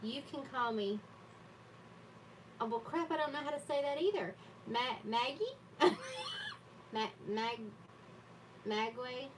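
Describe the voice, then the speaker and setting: A woman's voice: sits high, takes it slowly, long pauses. Woman, casual livestream chat, laughs at herself, distant mic, light room noise. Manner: chatty, self-deprecating, laughs often. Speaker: livestream host. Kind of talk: casual chat while journaling. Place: home art desk.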